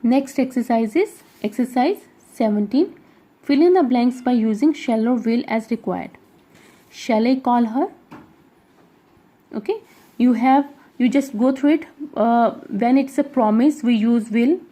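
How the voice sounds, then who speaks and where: A woman with an Indian English accent leads a grammar lesson, reading out exercises and explaining them patiently step by step. Her voice is a little high yet warm and mellow, and she keeps checking that her students follow along. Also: measured pace. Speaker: English teacher.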